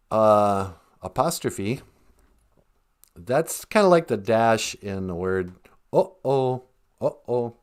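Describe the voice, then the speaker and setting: Drawling deadpan male podcast host. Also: lowish voice. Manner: deadpan, dark joking, drawling. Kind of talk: improvised comedy podcast.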